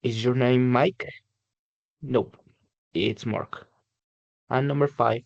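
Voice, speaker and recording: A man reading exercise sentences aloud as a student, slow and hesitant with fillers. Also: medium pitch, steady tone, creaky, dry recording. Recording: dull dry lo-fi mic.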